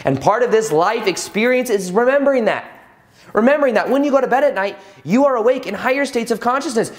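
A young adult man hosting a spiritual video, speaking earnestly to the viewer with repeated, emphatic phrases. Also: high-pitched. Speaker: spiritual YouTube host. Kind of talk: motivational spiritual talk to camera.

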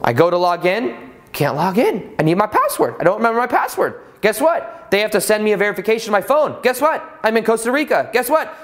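A man with a slightly raised speaking pitch talks in an easygoing, conversational way. He tells his story with rhetorical questions and loose restarts, like a podcast host chatting with his listeners. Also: quick pace. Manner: relaxed, repeats himself and restarts often. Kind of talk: casual motivational talk.

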